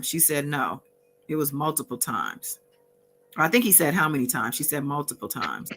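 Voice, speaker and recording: A woman hosting a casual recap, reading out exchanges from her notes with frequent fillers and pauses. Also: sits low, very animated, fairly bright tone, husky. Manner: reads out courtroom exchanges from notes, pausing with fillers. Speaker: host recapping a court trial.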